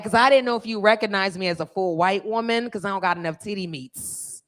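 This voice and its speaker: A woman's voice: medium pitch, a little fast, fairly bright tone. Brash, bawdy woman comic. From California. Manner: bawdy, brash, teases the crowd directly. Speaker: stand-up comedian. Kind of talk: live stand-up routine. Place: live comedy stage.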